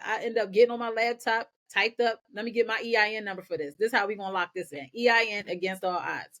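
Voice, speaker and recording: Energetic woman telling her story. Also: medium pitch. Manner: energetic, repeats words, talks in bursts. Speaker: podcast guest, nonprofit founder. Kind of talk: candid personal storytelling.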